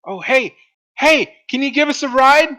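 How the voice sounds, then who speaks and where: A man voicing a naive, cheerful young woman who shouts eagerly in a high voice. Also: animated, moderate pace, full character voice.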